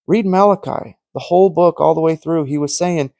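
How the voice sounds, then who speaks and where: Earnest preaching man, fairly high voice. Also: moderate pace, a little mellow, no echo. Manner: storytelling that acts out quoted conversations; earnest, conversational. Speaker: Christian teacher. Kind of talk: informal preaching monologue.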